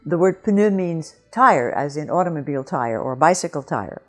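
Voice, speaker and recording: Woman, pronunciation teacher, slightly low voice, patient, deliberate, repeats words to model sounds, faint music behind. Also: expressive. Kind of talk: video pronunciation lesson.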